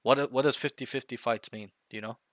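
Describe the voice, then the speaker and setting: Blunt, intense man coaching, bright voice. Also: mid-range voice, steady tone, fast, no echo, studio quality. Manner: blunt, intense, pushy with swearing; repeats himself, checks in with okay and right. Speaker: game coach. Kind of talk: one-on-one coaching talk.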